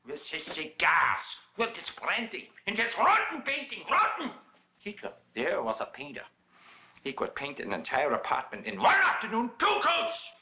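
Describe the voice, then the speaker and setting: An actor playing an excitable ranting man, yelling shrilly in an old film comedy scene. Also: high-pitched, moderate pace, full character voice. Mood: raving. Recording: echoey dull old film soundtrack.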